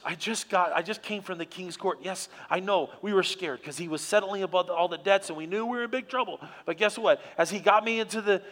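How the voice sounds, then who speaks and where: A man playing an overjoyed forgiven debtor phoning his wife, talking in an excited rush. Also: high voice, voice pushed up. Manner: excited, breathless, rushing. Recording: long hall reverb.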